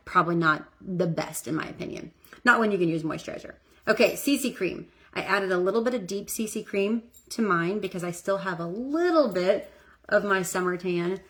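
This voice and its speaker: A woman's voice: fairly low pitch, fairly bright tone. A middle-aged woman, a makeup artist, chatting casually through a makeup tutorial, talking while she applies her makeup. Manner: chatty, self-deprecating, talks while applying makeup.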